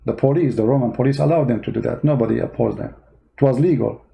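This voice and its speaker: A man's voice: mid-range voice, fast talker, creaky, muffled recording. A man with non-native English giving online commentary, arguing his point with rhetorical questions. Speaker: Christian commentator.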